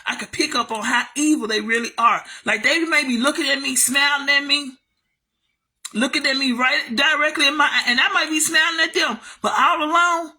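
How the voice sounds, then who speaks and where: A woman's voice: high-pitched, steady tone, moderate pace, bright, forceful tone. A woman telling a story to her camera in a casual monologue, blunt and heavily profane, repeating herself for emphasis. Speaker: vlogger.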